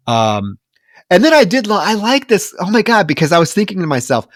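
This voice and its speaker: A man's voice: fairly high pitch, animated, normal speed, no room sound, clean studio sound. A man co-hosting a horror film podcast, retelling scenes and acting out the characters' lines in casual chat. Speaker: podcast co-host.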